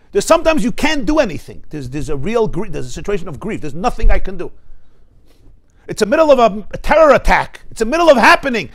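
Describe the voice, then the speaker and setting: A man teaching a Torah class, emphatic and lively, weaving Hebrew quotations into his talk. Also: high voice, a little fast. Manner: emphatic, mixes Hebrew and Yiddish terms into English, acts out voices.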